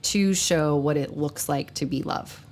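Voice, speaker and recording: A woman's voice: sits low, a little slow, darkish tone, slight background noise. A woman hosting a podcast, talking earnestly in casual spiritual chat, rambling with plenty of fillers. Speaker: podcast host.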